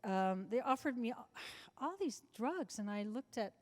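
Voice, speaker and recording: An older woman, in her seventies, spins rambling anecdotes as an interview guest and keeps circling back and restarting her sentences. Her voice sits a little high for a woman, and it carries a long reverb from a large hall. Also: lively intonation, moderate pace, darkish tone. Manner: chatty anecdotal storyteller with many restarts. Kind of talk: storytelling in a live interview. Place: large club function room before an audience.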